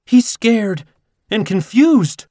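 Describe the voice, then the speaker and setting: A man voicing a frantic, gushing woman who owns a cat, with a high, drawn-out voice. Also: very animated, mellow, dry recording, studio quality, exaggerated voice. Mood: pleading.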